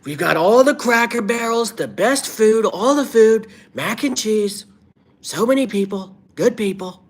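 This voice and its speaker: A man putting on a loud, strained, bragging politician voice as a comedy impression during a livestream. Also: lively intonation, measured pace, exaggerated voice. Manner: loud, high, strained put-on voice.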